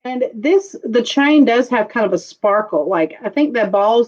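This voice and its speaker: A woman hosting a casual live-streamed jewelry auction, chatting slowly as she describes pieces and calls out viewer bids. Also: medium pitch, lively intonation, darkish tone, dull audio.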